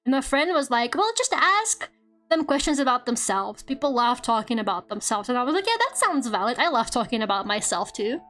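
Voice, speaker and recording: A young woman streamer chatting casually with her chat, animated, laughing often and swearing freely. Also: fairly high pitch, fairly quick, hardly any pauses. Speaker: VTuber art streamer. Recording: faint music behind. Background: faint background music.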